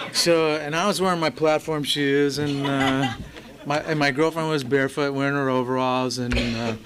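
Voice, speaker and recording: Speaking at a recovery meeting, this Los Angeles-area man shares his story with a relaxed air, leaning on fillers and quoted dialogue while the crowd laughs. He has a medium-pitched, steady voice and talks a little slowly over background noise.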